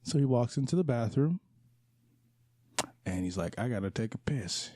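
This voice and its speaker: A man co-hosting a casual movie podcast, retelling scenes with lively put-on quotes and lots of swearing. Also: mid-range voice, moderate pace, dry recording, studio quality. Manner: animated storyteller acting out scenes, profane. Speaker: podcast co-host. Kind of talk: casual movie review chat.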